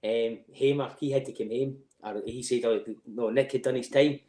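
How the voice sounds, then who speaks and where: A man's voice: medium pitch, fairly even intonation, normal speed, mellow, reverberant. A middle-aged Scottish man telling stories in casual chat, swearing freely and laughing through them. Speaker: podcast guest.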